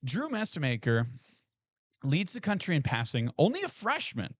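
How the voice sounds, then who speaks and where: A man co-hosting a sports podcast in casual, excitable talk with emphatic restarts. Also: a little high, normal speed, no echo.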